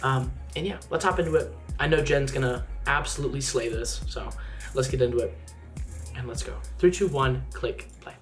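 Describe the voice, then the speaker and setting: Speaking at a normal pace, a man chats casually about a music video he's reacting to, full of fillers and praise. Faint music plays underneath, and his pitch sometimes rises when excitement takes over.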